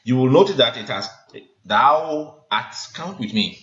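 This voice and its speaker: A man teaching a poetry lesson, explaining in a measured, hesitant way with frequent pauses and filler sounds. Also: mid-range voice, very animated. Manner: measured, hesitant, frequent ums, counts syllables aloud. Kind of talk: recorded literature lesson. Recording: dull lo-fi sound with faint noise.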